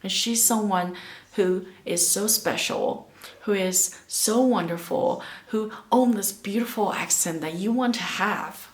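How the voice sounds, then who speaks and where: A woman who speaks English as a second language, giving learning tips in a casual, emphatic talk to camera and pausing to search for words. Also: medium pitch, echoey room. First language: not English.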